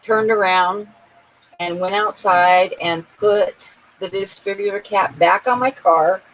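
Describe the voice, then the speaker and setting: On her live stream, an art channel host tells viewers a story in a chatty, amused way, laughing along as she goes. Her voice is medium-pitched and slow, and the recording is rough.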